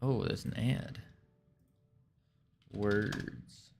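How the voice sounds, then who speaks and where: A man's voice: on the low side, steady tone, extremely slow, creaky, a little mellow. A man live-streaming his game development, muttering through code and joking about himself. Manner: muttering while reading code, self-deprecating. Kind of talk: casual live coding commentary.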